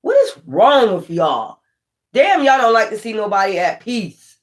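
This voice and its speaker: A woman's voice: mid-range voice, very animated, unhurried. Blunt, profane woman reading tarot. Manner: slangy street talk, rambling. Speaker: tarot reader. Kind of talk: casual tarot card reading.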